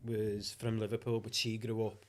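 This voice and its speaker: A man's voice: on the low side, monotone, moderate pace, darkish tone, slight background noise. A man with a Scouse accent, chatting casually on a podcast, laughing often and hesitating with fillers. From born in Manchester, grew up on the Wirral. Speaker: guest.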